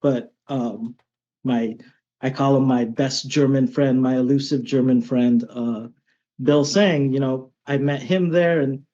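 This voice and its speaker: A man's voice: mid-range voice, steady tone, a little slow, dark tone. Chatty male guest on a lo-fi line. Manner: chatty, with frequent "um" and "right?" tags. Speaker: martial arts instructor, guest. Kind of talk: conversational storytelling.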